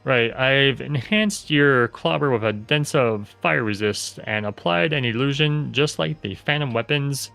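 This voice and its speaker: Man doing a tipsy rustic craftsman for a game: gravelly, folksy, theatrical, faint music underneath. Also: mid-range voice, bright, forceful tone. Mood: musing. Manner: folksy dialect, drawn-out theatrical delivery.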